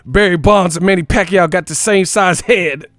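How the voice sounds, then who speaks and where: A man voicing an unhinged male train rider who blurts out nonsense in loud, sudden outbursts. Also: sits high, normal speed, dry recording, faint music behind, pitched above the performer's own voice. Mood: blurting.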